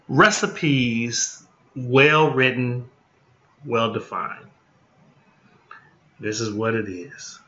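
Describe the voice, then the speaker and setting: A man's voice: a little high, sharp tone. A man giving an informal training talk as a licensing consultant, blunt and folksy, repeating his points and checking in with "okay?". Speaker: group home licensing consultant. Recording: echoey, slightly muffled room.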